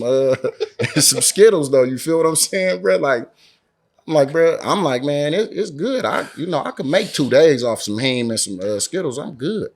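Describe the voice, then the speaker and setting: Man telling a story in Bay slang. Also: medium pitch. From Oakland, California. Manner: animated, acts out quoted dialogue, heavy slang and swearing. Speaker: interview guest. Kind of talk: casual storytelling. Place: lounge in a Las Vegas resort.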